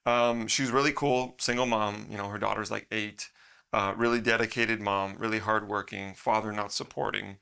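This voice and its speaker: A man's voice: lowish voice, normal speed, vocal fry, clear, resonant tone. A middle-aged man telling a story as a podcast guest, rambling and laughing often. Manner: rambling, laughs often, animated when quoting. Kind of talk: casual storytelling.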